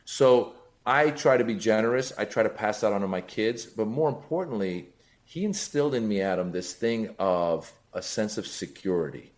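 Animated middle-aged comedian telling a story. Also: male voice, on the low side, moderate pace. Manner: animated, acts out voices, rising excitement. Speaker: comedian guest. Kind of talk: comic storytelling on a podcast.

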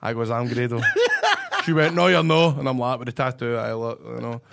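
A man's voice: medium pitch, fairly even intonation, a little fast, creaky, background noise. A Scottish man in his thirties, a wrestler co-hosting a podcast, telling a rude story in broad slang and laughing through it. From Scotland. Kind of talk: casual chat, storytelling.

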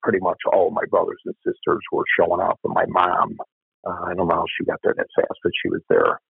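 In a deep, husky, creaky voice and a completely flat delivery, an older former cop rattles off a story fast during an interview, blunt and with some profanity. The tinny, phone-like recording has no echo.

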